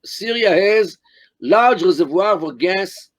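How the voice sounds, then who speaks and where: An older Middle East scholar, guesting in an interview over a video call, sounds expressive in a fairly high voice. Deliberate and emphatic, he leans on words and often starts phrases over, filling gaps with fillers. The sound stays close and dry, free of room echo.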